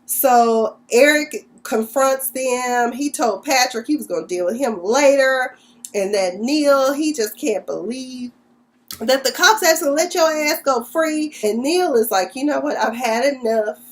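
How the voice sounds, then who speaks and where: A woman with a somewhat high-pitched voice talks through a TV episode in a casual vlog recap. Her retelling is chatty and slangy, peppered with sassy asides about the characters. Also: unhurried. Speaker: TV recap vlogger.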